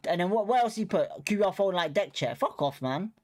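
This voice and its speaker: A man's voice: high voice, quick pace, darkish tone. A young man, hosting a football watchalong and ranting after the match in a blunt, repetitive, frustrated way full of swearing. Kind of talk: heated post-match fan rant.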